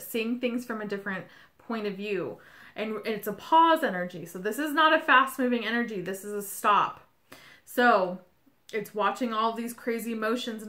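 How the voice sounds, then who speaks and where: A woman's voice: mid-range voice, sharp tone. A woman giving a casual tarot reading, talking in a reflective, reassuring way with frequent fillers. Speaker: tarot reader. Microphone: home video setup.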